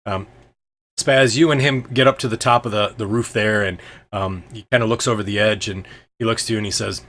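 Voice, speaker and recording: A man's voice: on the low side, steady tone, brisk, a bit bright. A man narrating a tabletop game as game master, in a loose, hesitant way full of ums and filler words.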